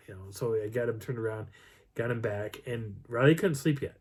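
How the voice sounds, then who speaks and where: A man's voice: mid-range voice, brisk, breathy edge. A man casually telling a personal story and acting out the sounds and voices as he goes. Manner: animated, acts out sounds and voices. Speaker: channel host.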